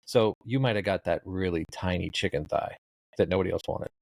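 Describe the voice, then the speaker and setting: A middle-aged social media comedian, appearing as a podcast guest in a casual interview chat, tells rambling stories full of dry, laid-back jokes. His low, creaky voice is brisk and a little mellow, in a dry recording.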